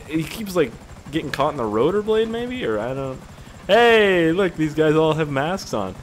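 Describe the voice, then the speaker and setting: Playing through a game, a young man who makes gaming videos offers laid-back, foul-mouthed commentary that drifts from subject to subject. He sounds worn out yet quick to laugh, his slightly high voice very animated at a normal speed, with a little hiss or hum in the background.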